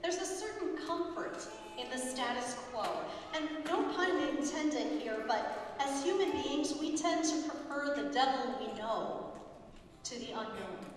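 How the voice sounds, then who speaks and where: A woman pastor preaching a sermon, telling the story with lively quoted voices. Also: high-pitched. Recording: echoey hall, distant mic, faint background noise.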